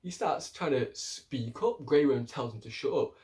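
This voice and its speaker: A man's voice: medium pitch, animated, moderate pace, a little mellow. A man recapping a TV episode in a blunt, slangy, casual way, swearing freely. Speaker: TV episode reviewer. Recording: voice distant from the mic.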